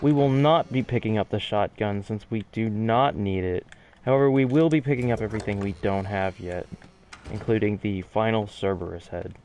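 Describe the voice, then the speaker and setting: A man's voice: on the low side, moderate pace, darkish tone, a little hiss or hum. A man giving chatty, self-deprecating commentary during a game speedrun, often restarting his sentences. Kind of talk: casual gameplay commentary.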